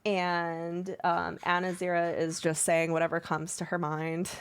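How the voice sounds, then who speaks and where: A woman running a tabletop game as game master, patiently walking players through the rules step by step with filler pauses. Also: lowish voice, monotone, smooth.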